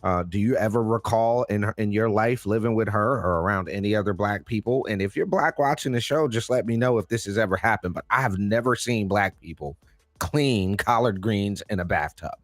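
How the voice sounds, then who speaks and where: A man co-hosting a podcast, talking in an animated, incredulous and slangy way. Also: on the low side, brisk, no room sound. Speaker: podcast co-host. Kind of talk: casual commentary chat.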